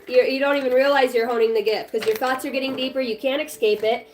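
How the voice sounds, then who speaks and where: A woman's voice: sits high, steady tone, fast talker, a little hiss or hum. A woman giving a casual, blunt, encouraging tarot reading at home, swearing freely. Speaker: tarot reader. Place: home with her small child nearby.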